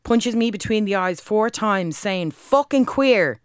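A woman with a Dublin accent performs a rhythmic spoken-word poem with forceful, crude language. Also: medium pitch, a little slow, clean tone, no echo, studio quality. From Ireland. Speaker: guest, spoken word artist.

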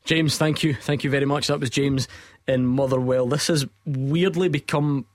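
A man's voice: mid-range voice, steady tone, moderate pace, no echo. A man hosting a sports radio phone-in, chatty and jokey, often breaking into laughter.

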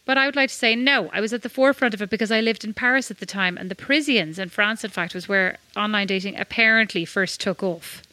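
A woman's voice: mid-range voice, fast talker, hardly any pauses, sharp tone, no echo. An Irish woman co-hosting a podcast, chatting casually and telling rambling, self-mocking stories. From Ireland. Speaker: podcast co-host. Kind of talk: casual chat.

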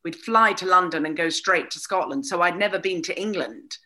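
A woman talking as an interview guest, animated and candid, with a wry, storytelling manner. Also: lowish voice, fairly quick. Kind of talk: casual conversation.

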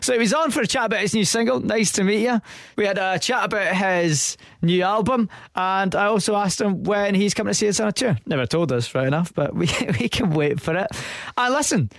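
A man's voice: high voice, expressive, brisk, fairly bright tone, no echo. A young Scottish man hosting a radio show in casual studio chat, teasing and laughing often. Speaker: radio host. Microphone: studio microphone.

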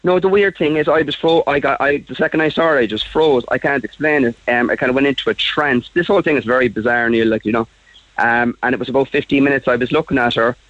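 A man, telling a personal story as a radio guest in a halting way, with many fillers and restarts. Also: mid-range voice, fairly bright tone. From Ireland. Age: 40s. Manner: halting, full of fillers and restarts, laughs often. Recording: slightly muffled radio audio.

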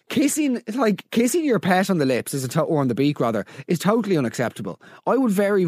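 A man's voice: high-pitched, no room sound, studio quality. A man with a Dublin Irish accent hosting a comedy podcast, ranting with exasperated, profane sarcasm. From Ireland. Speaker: podcast host.

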